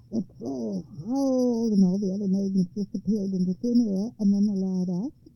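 Woman reading a fairy tale on the radio, a bit breathy, kinda muffled sound. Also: medium pitch. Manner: calm, measured storytelling. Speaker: radio storyteller and host. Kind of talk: scripted fairy-tale narration. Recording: slightly muffled radio broadcast.

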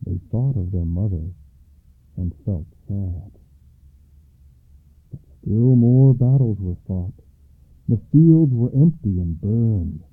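A storyteller reading a children's storybook aloud slowly and expressively, in a tinny phone-like recording. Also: low voice, breathy edge, no echo, faint music behind. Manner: slow and expressive.

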